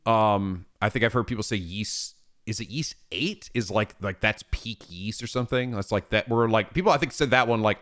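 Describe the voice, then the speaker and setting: A man's voice: fairly low pitch, normal speed, few pauses. A man chatting casually on a livestream, reading viewer messages and answering with laughter and frequent swearing. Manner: profane, laughing, animated. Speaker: streamer.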